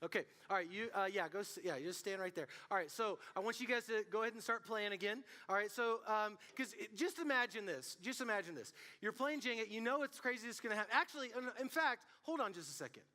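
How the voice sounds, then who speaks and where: A man preaching to a student group as youth pastor, telling stories in an animated way and calling out to the room. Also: sits high, fast, few pauses. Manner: animated storytelling, calls out to the audience. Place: church hall. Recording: long hall reverb.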